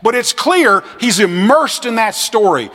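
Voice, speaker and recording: A man giving a classroom lecture on scripture, animated and fond of acting out the voices he quotes. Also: high voice, measured pace, in a large hall. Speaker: seminary lecturer.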